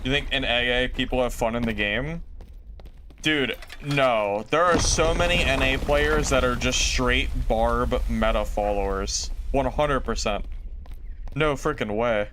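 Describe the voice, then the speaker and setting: A man's voice: medium pitch, measured pace, a bit bright, slight background noise. A young man streaming a video game, talking casually to chat in a rambling, self-mocking way that trails off into mumbles. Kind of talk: casual gameplay commentary.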